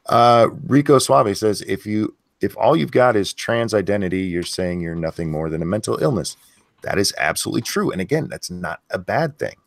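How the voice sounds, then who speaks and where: A man's voice: lowish voice, lively intonation, moderate pace, gravelly, no room sound. A man hosting a live stream, talking in a blunt, profane, casual way and reading chat messages aloud. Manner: blunt and profane, many fillers and restarts. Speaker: host of a live stream show.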